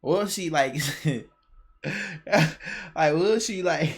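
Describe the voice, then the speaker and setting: Male reaction streamer; excitable, slangy, lively pitch swings, a touch high. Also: drawn-out words, vocal fry. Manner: excitable slang-heavy chatter, says bro a lot. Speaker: streamer reacting to a comedy special. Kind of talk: casual reaction commentary.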